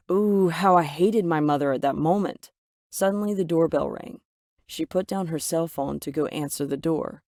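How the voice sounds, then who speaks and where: A woman narrating a first-person story in an even, measured way, voicing the quoted lines herself. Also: low-pitched, no room sound, studio quality.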